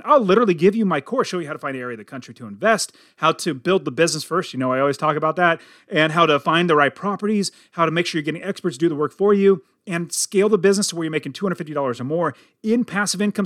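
A man's voice: on the high side, fast talker, hardly any pauses, a bit bright, no echo, studio quality. Earnest emphatic male podcast host. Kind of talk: casual podcast interview.

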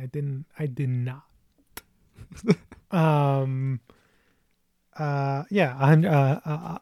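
A man's voice: on the high side, mellow, no room sound, clean studio sound. A man in his twenties hosting a casual movie chat, chatty, with lots of fillers and laughter. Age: 20s. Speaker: movie reaction host.

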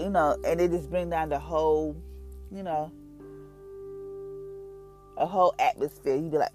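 A woman hosting a devotional podcast, reading scripture and then talking it through in a folksy, conversational, animated way. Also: lowish voice, brisk, soft background music. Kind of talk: casual devotional talk.

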